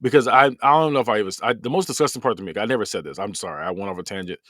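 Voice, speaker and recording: A man hosting a podcast, giving a rambling, animated review of a documentary he has just finished. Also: on the low side, racing, dry recording, studio quality. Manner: rambling, animated, repeats himself. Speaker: podcast host.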